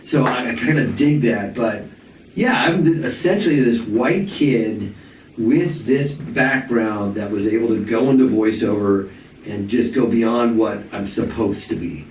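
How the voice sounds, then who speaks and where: A middle-aged man tells stories in a lively, casual way, with a middle pitch and an easy flow. He swears freely and slips into impressions. The recording is echoey, with the mic set back and faint room noise. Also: unhurried, distant mic. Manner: animated, swearing, slips into character voices. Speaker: comedian and voice actor. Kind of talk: casual storytelling chat.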